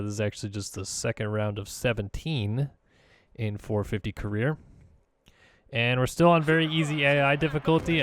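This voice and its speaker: A man's voice: mid-range voice, clean tone, no room sound. Laid-back man narrating his gameplay. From California. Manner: laid-back, chatty, thinks aloud with fillers. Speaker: gaming channel host. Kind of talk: casual gameplay commentary.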